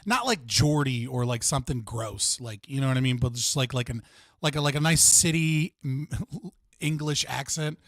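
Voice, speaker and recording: This young man from the United States rambles through a casual livestream chat as host, peppering it with "like." He has a mid-range, slightly bright voice at a normal speed, recorded clean in a studio with no room sound.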